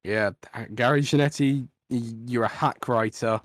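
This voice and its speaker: A man's voice: medium pitch, fairly even intonation, unhurried, dry recording. A young man co-hosting a casual podcast, ranting bluntly with plenty of swearing. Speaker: podcast co-host.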